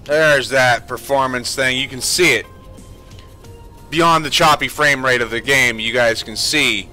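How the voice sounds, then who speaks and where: A man's voice: medium pitch, measured pace, pushed and bright, faint music behind. A man giving gameplay commentary as a streamer, ranting in exasperation and swearing freely. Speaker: gaming streamer.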